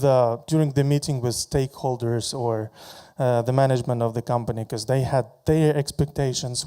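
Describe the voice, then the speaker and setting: A man giving a conference talk about his product, halting often and repeating words as he walks through slides. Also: a little high, warm tone.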